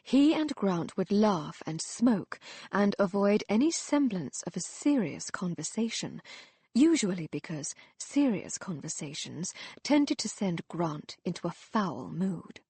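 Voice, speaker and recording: A woman reading a romance novel aloud as an audiobook narrator, in a measured, expressive storytelling manner. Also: medium pitch, slightly rough, no echo.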